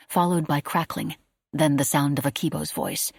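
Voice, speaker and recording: A woman reading a wartime novel aloud as an audiobook, in a steady, measured storytelling manner. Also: sits low, husky, no echo, clean studio sound. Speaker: audiobook narrator. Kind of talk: scripted audiobook narration.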